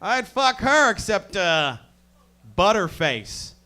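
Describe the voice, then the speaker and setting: A comedian puts on a brash clubgoer friend, a man who blurts crude remarks at full volume. The voice jumps far higher than normal, pushed loud and bright. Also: sing-song, slow, heavily acted.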